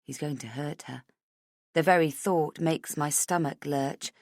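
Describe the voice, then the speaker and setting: A woman narrating a first-person thriller audiobook in a measured, steady reading. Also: low voice, dry recording, studio quality.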